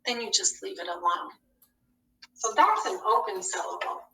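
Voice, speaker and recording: Woman teacher, phonics lesson, slow and patient, bright voice, echoey room away from the mic. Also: mid-range voice, vocal fry, distant mic. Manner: slow, patient, asks questions and answers them.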